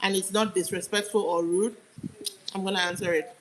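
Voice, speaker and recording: A woman's voice: mid-range voice, fairly even intonation, fairly quick, background noise. A young woman from Nigeria hosting a casual live stream, chatting and greeting viewers by name while she eats. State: eating while talking. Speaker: livestream host.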